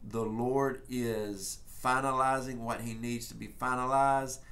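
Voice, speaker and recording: A Texas-born man preaches prophetically in a Texan accent, his voice medium in pitch, steady, and a little bright. Folksy and emphatic, he speeds up and slows down and sometimes tells casual stories.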